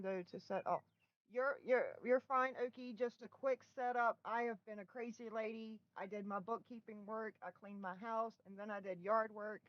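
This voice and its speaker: Speaking at a medium pitch, a middle-aged woman hosts a relaxed home live stream, talking with her audience and repeatedly dissolving into giggles and bursts of laughter. The built-in laptop mic recording has its highs cut off.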